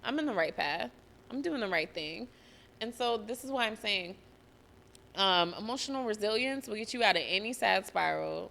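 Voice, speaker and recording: A young adult woman, hosting a motivational solo podcast in an energetic, profane way. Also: medium pitch, gravelly. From US (Georgia). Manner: energetic, profane, acts out quoted voices. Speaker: podcast host.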